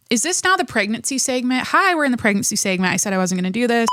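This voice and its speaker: A woman's voice: a little high, fast, few pauses, sharp tone. A pregnant woman in her thirties hosting a podcast, chatting casually in a rambling, profane way with lots of restarts, a little out of breath. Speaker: podcast host. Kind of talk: casual chat.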